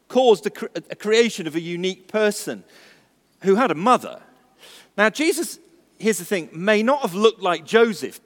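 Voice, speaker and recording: Man preaching in a reverberant church. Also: sits high. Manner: conversational storytelling with humour. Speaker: pastor. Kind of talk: sermon. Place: church service.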